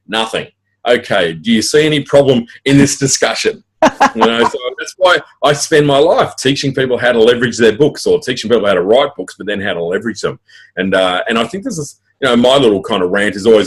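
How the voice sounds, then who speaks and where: Fast-talking husky Australian man. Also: mid-range voice. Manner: fast, rambling, full of fillers and restarts. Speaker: author and guest. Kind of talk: casual interview chat.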